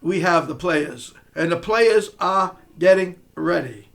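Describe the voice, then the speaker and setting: A man's voice: high voice, animated, takes it slowly, gravelly, fairly bright tone. A man delivering a confrontational monologue, scolding and mocking someone he speaks to directly. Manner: sarcastic, mocking. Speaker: online commentator.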